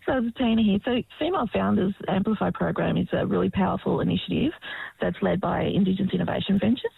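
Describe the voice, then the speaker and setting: A woman's voice: mid-range voice, fast talker, no room sound. A woman guest on a radio interview, explaining a program in an earnest way. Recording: rough phone-line sound.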